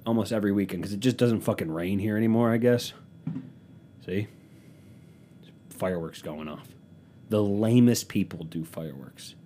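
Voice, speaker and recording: A young man rambling through a sarcastic comedic monologue at home, swinging between loud bursts and low mutters. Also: slight background noise.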